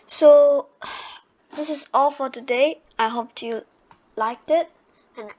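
A woman's voice: high voice, slow pace, a little mellow, no room sound. A woman giving a casual screen-recorded tutorial into her computer microphone, chatty and unpolished, with many fillers and restarts. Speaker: tutorial host.

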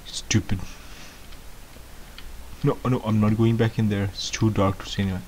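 A man's voice: on the low side, steady tone, normal speed, darkish tone, a little hiss or hum. A man giving comedic gameplay commentary as a clueless beginner, whiny, easily startled and rambling with lots of ums. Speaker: gamer playing a clueless beginner.

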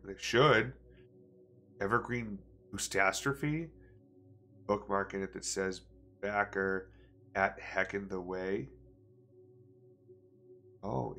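A man's voice: fairly low pitch, creaky, bright, forceful tone, slight background noise. A man streaming a video game, chatting casually and reading in-game text aloud with playful mock drama.

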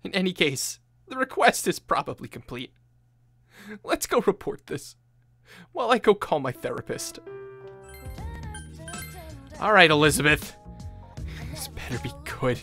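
A woman hosting a let's play, giving casual gameplay commentary in an expressive, jokey way and getting spooked easily. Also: low voice, a little slow, pauses often, faint music behind.

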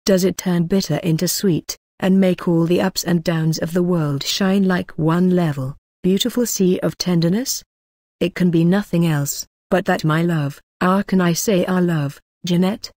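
Woman voicing an effusive young man in love, audiobook read, lowish voice, dry close sound. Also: a little slow, dark tone, dry recording. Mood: ardent. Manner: effusive, poetic declarations.

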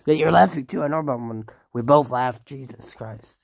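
A woman's voice: extremely low pitch, moderate pace, vocal fry, dry recording, clean studio sound. A woman hosting a reaction video, exclaiming in surprise at each clip and often breaking into gasps and laughter. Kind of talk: casual reaction commentary. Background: meme video audio and music playing.

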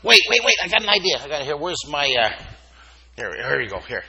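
Animated man teaching kids to draw. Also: a little high, a little fast, gravelly, highs cut off, a loud crowd. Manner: animated and playful, coaxing kids to repeat words. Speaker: drawing teacher. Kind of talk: live school assembly drawing lesson. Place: school hall with children.

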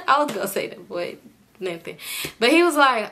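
A woman's voice: high voice, very animated, moderate pace, sharp tone. A young woman telling a casual storytime, exasperated and profane as she animatedly retells what happened. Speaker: storytime YouTuber.

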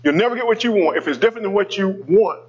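A man's voice: high voice, lively intonation, quick pace, breathy edge, muffled recording. A male pastor preaching a sermon, telling a personal story in a conversational way and calling out to the congregation.

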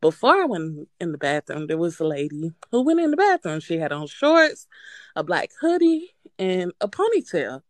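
A woman calling in to a show, telling a story in a casual, animated way, swearing freely and breaking into nervous laughter. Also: lowish voice, normal speed, no echo. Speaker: caller.

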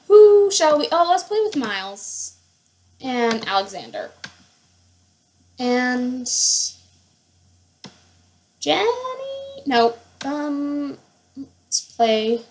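Showing off her household in a game, a woman gushes and rambles through casual commentary packed with fillers. Her voice sits on the high side, and there's a little background noise.

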